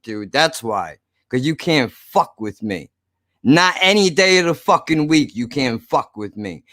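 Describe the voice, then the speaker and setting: A man's voice: on the high side, a bit bright, no room sound, clean studio sound. A man ranting angrily to camera in a video blog, profane, sarcastic and repetitive. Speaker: YouTube creator. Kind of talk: angry ranting vlog to camera.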